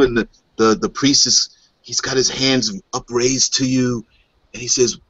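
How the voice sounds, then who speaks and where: A man narrating a tabletop game as game master, describing scenes in a halting way, heard on a dull lo-fi recording. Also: mid-range voice, little pitch movement, fairly bright tone, breathy edge, dry recording.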